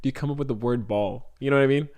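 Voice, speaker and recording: Man, mid-pitched, casual comedy podcast banter, laughs a lot. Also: racing, a little mellow. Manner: casual, laughs often, acts out lines in goofy voices. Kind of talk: improvised comedy brainstorming.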